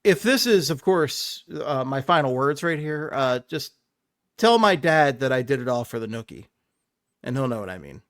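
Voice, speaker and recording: A man's voice: medium pitch, very animated, normal speed, a bit bright. A man co-hosting a podcast in casual chat, joking in a sardonic way. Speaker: podcast co-host.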